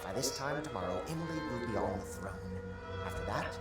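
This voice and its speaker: Man as earnest loyal conspirator, game voice, lively pitch, echoey with loud music. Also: fairly quick, natural voice.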